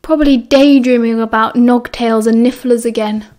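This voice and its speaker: A woman's voice: a little high, fairly even intonation, normal speed, a little mellow, natural voice. A woman with a British accent voicing a sleepy, grumbling teenage schoolboy wizard who drawls his complaints. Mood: grumpy.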